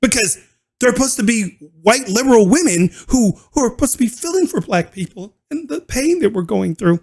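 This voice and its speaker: A man's voice: extremely high pitch, animated, a little fast, vocal fry. A man hosting a reaction video who talks casually and animatedly, breaking into laughter and mocking asides.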